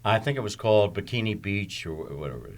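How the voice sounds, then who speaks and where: An older man hosting a podcast, telling show-business stories in a relaxed, chatty way and closing with a friendly sign-off. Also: lowish voice, fast. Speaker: podcast host. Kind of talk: casual chat.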